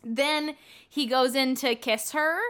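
A woman's voice: high-pitched, fairly even intonation, slow pace, a bit bright, clear, resonant tone. A young woman co-hosting a casual chat, retelling a story with lots of laughter and "like" fillers. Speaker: podcast co-host recapping a novel.

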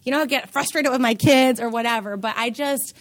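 A woman's voice: a little high, a little fast. A woman in her thirties, a guest on an interview, telling a personal story openly and emotionally. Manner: open, emotional, candid, laughs easily. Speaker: guest, founder and CEO.

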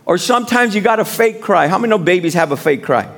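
A man preaching a sermon as guest speaker in a church, building to shouted appeals and call-and-response. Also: high-pitched, lively intonation, fast, creaky.

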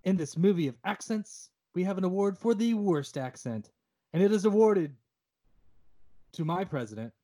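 A man with a somewhat high voice co-hosts a casual film podcast. He swears easily and slips into mock-formal, announcer-like declarations for comic effect. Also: expressive, moderate pace, mellow. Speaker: podcast co-host.

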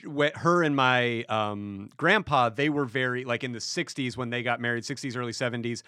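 Reflective man chatting, halting restarts. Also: mid-range voice, sharp tone, smooth, no room sound, clean studio sound. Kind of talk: casual chat.

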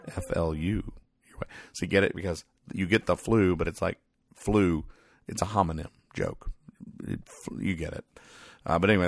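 Deep-voiced man dryly explaining comics. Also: fairly bright tone, no echo. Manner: dry, rambling, halting with many fillers. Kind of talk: casual deadpan comic strip commentary.

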